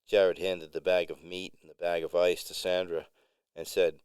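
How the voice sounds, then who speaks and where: Male storyteller, measured narration, low pitch, dry booth-like sound. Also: level tone, a little mellow, smooth, no room sound. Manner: measured, unhurried.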